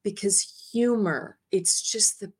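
A woman guest in an interview, telling a personal story in a lively way, laughing lightly between phrases and acting out her own past words. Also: mid-range voice, slow pace, slightly rough. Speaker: interview guest, energy healer.

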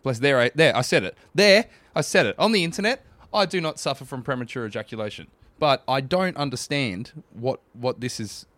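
Young aussie bloke rambling on a podcast, swears a lot, takes the piss out of himself, dry sound. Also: male voice, mid-range voice, animated, a little fast, few pauses, a bit bright, dry recording. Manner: rambling, crude, self-mocking. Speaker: podcast co-host. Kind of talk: comedic podcast banter.

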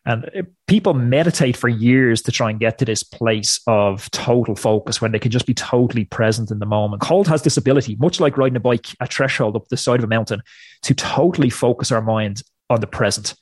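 A man's voice: medium pitch, brisk, darkish tone, husky, dry recording. A man talking as a podcast guest with punchy, motivational emphasis. His voice sits in a middle range and the recording is dry and close. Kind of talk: podcast interview talk.

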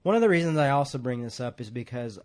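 A man's voice: mid-range voice, expressive, quick pace, darkish tone. A man preaching a casual, rambling sermon in a church, joking at his own expense and laughing often. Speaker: pastor.

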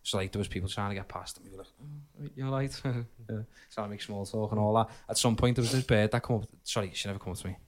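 A man's voice: fairly low pitch, flat delivery, very fast. A man co-hosting a casual podcast, laughing often while he tells drunken pub stories. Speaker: podcast co-host. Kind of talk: casual banter with friends.

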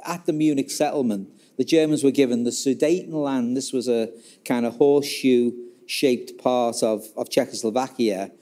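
A man's voice: medium pitch, normal speed. Man telling history with acted-out quotes. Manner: animated storytelling, acts out quoted dialogue; many fillers and restarts. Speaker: author discussing his book. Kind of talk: casual spoken history talk.

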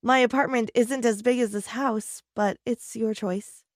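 A woman voicing a bitter middle-aged mother who speaks coldly and cuttingly, in an animated storytelling video. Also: a little high, a little slow, a little hiss or hum, close to an everyday voice. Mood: resigned. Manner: cold and cutting, then sad.

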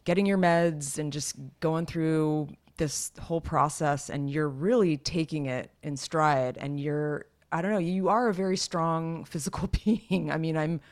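A woman with a very low voice chats casually with a friend. She laughs often and adds quick, encouraging asides. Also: fairly even intonation, a little mellow. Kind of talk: casual chat.

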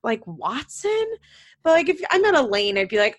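A woman's voice: sits high, very animated, normal speed. A woman chatting casually as a podcast co-host, giggly and full of fillers. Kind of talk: casual chat.

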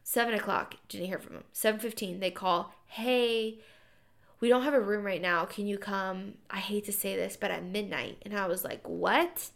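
A young woman on a podcast, chatting casually and telling a birth story with animated acted-out quotes. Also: mid-range voice, normal speed, gravelly. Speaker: podcast co-host.

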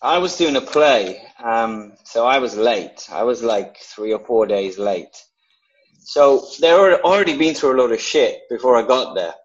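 A man on a panel telling a story in an animated, profane way, acting out shouted lines. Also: medium pitch, unhurried, dull audio. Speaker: actor on a reunion panel. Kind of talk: casual anecdote.

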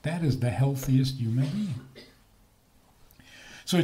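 Male rabbi-type lecturer, slow and deliberate, pitch jumping around a lot, playful rhetorical questions. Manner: animated, rhetorical questions, chuckles at own points. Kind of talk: lecture with humor.

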